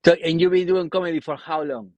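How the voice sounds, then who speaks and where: A man's voice: a little high, steady tone, fast talker, darkish tone, no echo, highs cut off. A man with an Argentine accent, speaking English as a second language, hosting a casual podcast interview and often restarting his sentences as he searches for words. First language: Spanish. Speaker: podcast host.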